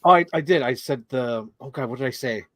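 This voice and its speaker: A young man co-hosting a casual movie chat, rambling and swearing, quick to laugh. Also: medium pitch. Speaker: podcast co-host.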